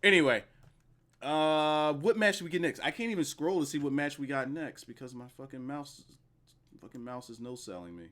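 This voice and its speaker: A man's voice: fairly high pitch, normal speed, a bit bright. A man giving a casual, profane, rambling solo review of a wrestling show at his computer.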